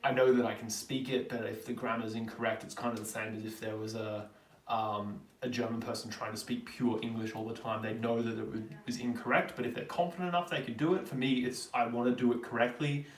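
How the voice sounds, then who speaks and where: A man's voice: medium pitch, steady tone, brisk, far from the mic, a little hiss or hum. A young Australian man hosting a live Q&A stream, chatting casually as he answers viewer questions. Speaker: livestream host. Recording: roomy, from off the mic.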